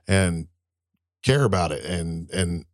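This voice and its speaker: A man in his thirties co-hosts a casual talk show, delivering a heated rant laced with constant swearing. His low-pitched voice is animated, though he takes things slowly.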